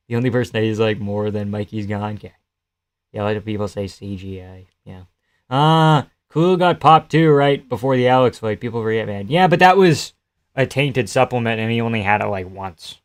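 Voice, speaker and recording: A male live streamer talks through a fight card in an easy, casual way. He cracks jokes, swears freely and keeps turning to answer his chat between the fights. His voice sits at an ordinary middle pitch.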